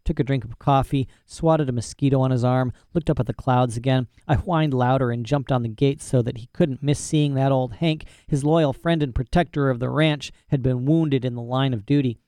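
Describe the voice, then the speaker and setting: A man's voice: mid-range voice, moderate pace, few pauses, dark tone, no echo, clean studio sound. A man narrating a story in first person with a folksy, boastful manner and rural dialect grammar. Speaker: audiobook narrator.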